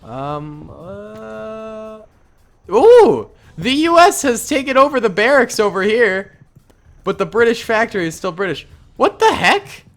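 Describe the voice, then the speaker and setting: Young guy commentating a war game, voice jumps all over, gets all excited then mumbles low, a little game music under it. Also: unhurried. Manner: excitable, exclaims and laughs, trails off low when musing. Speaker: gaming YouTuber. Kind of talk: casual gameplay commentary.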